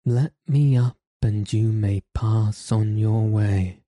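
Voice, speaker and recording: A man's voice: fairly low pitch, takes it slowly, dark tone, no echo, studio quality. Man voicing a fierce robber giant. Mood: pleading. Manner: harsh commanding threats, then desperate pleading.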